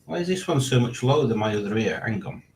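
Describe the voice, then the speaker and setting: A man's voice: mid-range voice, animated, fast. A man in his late forties hosting a casual live stream, rambling and reading out chat with self-mocking asides. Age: 40s.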